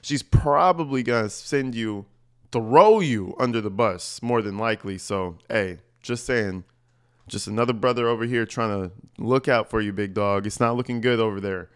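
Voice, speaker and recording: Man, smooth clear voice, sarcastic casual commentary, crude mocking asides. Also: on the low side, moderate pace. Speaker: commentary vlogger. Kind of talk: casual commentary over clips.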